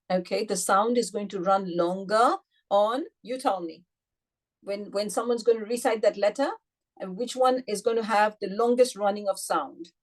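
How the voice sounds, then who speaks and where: Woman, recitation teacher, patient online lesson, drawn-out demonstration sounds, quizzes her students, mid-pitched voice. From United Kingdom. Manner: patient, demonstrates sounds slowly and repeats them; addresses students directly with questions.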